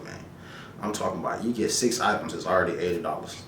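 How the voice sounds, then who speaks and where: Man, very low voice, laid-back slangy rant, podcast host, echoey room. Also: fast talker, fairly bright tone, a little hiss or hum. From Florida, USA. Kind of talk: casual solo commentary.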